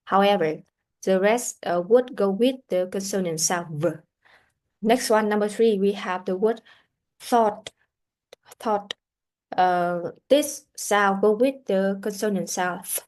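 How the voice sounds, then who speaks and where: Slow, careful woman teaching pronunciation. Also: mid-range voice, a little mellow. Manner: slow, careful, models sounds for repetition. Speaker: English teacher. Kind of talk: pronunciation lesson.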